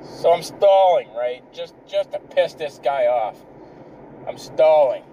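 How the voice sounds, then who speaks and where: A man's voice: a little high, expressive, takes it slowly, mellow, recorded from a distance, slight background noise, rough recording. A man telling a comic story in a rambling, exasperated way, swearing constantly.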